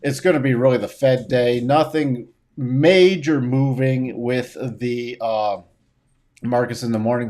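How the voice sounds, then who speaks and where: A man's voice: medium pitch, fairly even intonation, unhurried, darkish tone, soft background music. A man hosting a casual stock market show, chatting in an easygoing, joking way.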